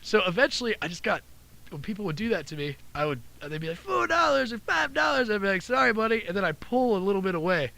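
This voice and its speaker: A man casually telling profane, animated stories about his old job as a cab driver. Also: sits high, fast. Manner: loose, profane, animated storytelling. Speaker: podcast co-host, former cab driver. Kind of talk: casual storytelling chat.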